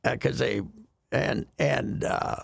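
An older man, a regular on a sports talk show, telling rambling stories in casual chat and breaking into chuckles. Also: slow pace. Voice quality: gravelly, husky. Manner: rambling storyteller, chuckling, bursts into high laughs.

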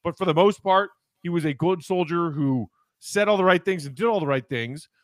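Analytical man with a high voice. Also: normal speed, dry recording. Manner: analytical, acts out quotes in animated voices. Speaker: podcast co-host. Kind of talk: casual sports talk.

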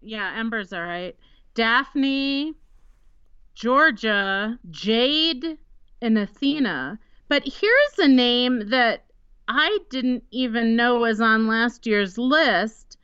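A woman's voice: on the high side, expressive, drawn-out words, pushed and bright, clean tone, dry recording. A woman co-hosting a casual podcast, playful, spelling names out letter by letter. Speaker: podcast co-host. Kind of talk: casual chat about baby names. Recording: dry, slightly dull sound.

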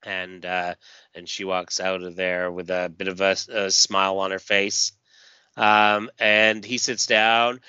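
Man, comic recap, casual, fillers, bright, lo-fi. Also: low voice, little pitch movement, slow pace, clean tone, dry recording. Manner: reads dialogue in voices, many fillers. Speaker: podcast host reading a comic aloud.

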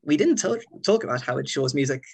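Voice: medium pitch, expressive, fairly quick, vocal fry, darkish tone, breathy edge. A co-host in a casual film discussion who speaks earnestly and analytically. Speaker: podcast co-host.

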